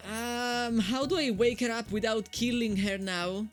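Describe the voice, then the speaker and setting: A woman's voice: fairly high pitch, steady tone, measured pace, hardly any pauses, soft background music. A woman with an Italian accent giving chatty live gameplay commentary, joking with her viewers. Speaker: live streamer.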